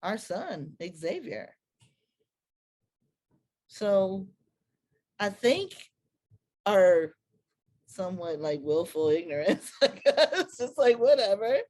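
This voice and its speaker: A woman telling a personal story to an audience in a lively, slangy, conversational way. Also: mid-range voice, takes it slowly, pauses often.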